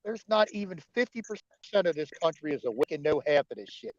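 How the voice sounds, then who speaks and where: A man on a livestream rants and argues with his viewers, swearing hard at every turn. His voice sits a little high. The sound is dry and muffled, like cheap stream audio. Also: animated, fairly quick, no room sound. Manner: profane, angry, argumentative. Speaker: livestream host. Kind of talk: heated livestream rant.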